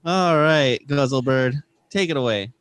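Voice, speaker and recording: A man's voice: mid-range voice, measured pace, a bit bright, clear, resonant tone, no echo. A man co-hosting a casual comedy podcast, running segments in an upbeat way. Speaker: podcast co-host.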